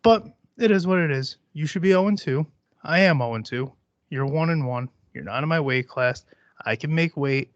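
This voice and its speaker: A man's voice: a little high, animated, moderate pace, dry recording, dull audio. A man in his thirties hosting a podcast, talking bluntly and dismissively with plenty of swearing. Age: 30s. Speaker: podcast host. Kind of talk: casual chat.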